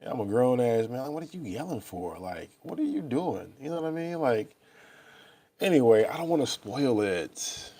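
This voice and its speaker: A man's voice: medium pitch, very animated, moderate pace, warm tone. A young man, chatting casually and profanely with viewers on a live stream from his laptop. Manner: loose, profane, talks straight to viewers. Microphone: laptop or phone mic.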